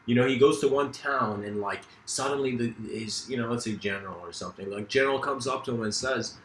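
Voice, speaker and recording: A man's voice: mid-range voice, a little fast, fairly bright tone. Male lecturer, loose and rambling, fillers galore; roomy room with faint hum. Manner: loose, rambling, many fillers, laughs at own story. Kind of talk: casual philosophical lecture with storytelling.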